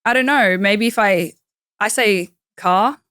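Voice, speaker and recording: A young Australian woman, a professional wrestler appearing as an interview guest in a studio, chats casually and drops "like" constantly. Her mid-range voice is slightly slow, a bit bright, and clean in tone. The recording is dry and studio quality.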